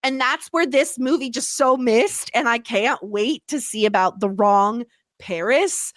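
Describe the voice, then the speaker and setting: A woman's voice: a little high, dry recording, clean studio sound. Bubbly young woman podcast co-host. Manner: bubbly, quick to laugh, animated. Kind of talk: casual chat.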